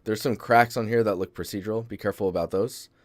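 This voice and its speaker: A man hosting a live stream, reviewing a 3D art portfolio in a relaxed, rambling way with lots of fillers and restarts. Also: on the low side, fast talker, no room sound. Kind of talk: casual live-stream critique.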